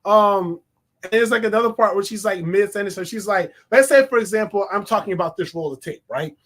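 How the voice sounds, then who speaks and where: A man giving a casual, animated movie review, laughing often and talking in loose slang. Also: sits high, a little fast. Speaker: film reviewer.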